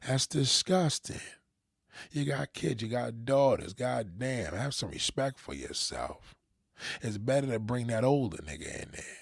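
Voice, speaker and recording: A man's voice: medium pitch, sing-song, unhurried, vocal fry, slightly rough, dry recording, clean studio sound. A middle-aged man giving crude dating advice to viewers in a profane, preachy rant, swearing constantly. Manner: preachy, crude, peppered with "goddamn", slips into voices of others.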